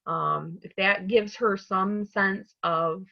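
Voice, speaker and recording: A woman's voice: medium pitch, fairly even intonation, slow, creaky, lo-fi sound. A woman on the staff of a community college, speaking earnestly and from the heart in a webinar panel discussion over a video call.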